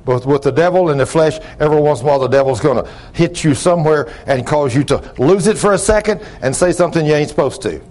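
An older man preaching a folksy sermon, talking loud and gruff, telling plain-spoken stories and asking the congregation questions. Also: a little high, fast, few pauses. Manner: loud, gruff, rising into shouts when acting out stories; plain-spoken, ungrammatical storytelling with audience questions.

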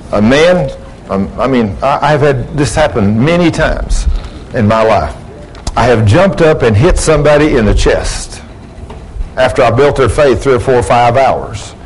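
Giving a sermon to a church congregation, a male preacher acts out the dialogue of his stories with increasing emphasis. His voice is medium-pitched with a darkish tone. The low-quality recording has slight background noise.

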